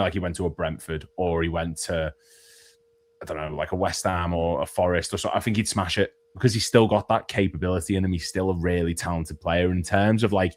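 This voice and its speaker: A man co-hosting a casual football live stream, analytical and quoting stats, swearing now and then. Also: sits low. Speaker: co-host pundit.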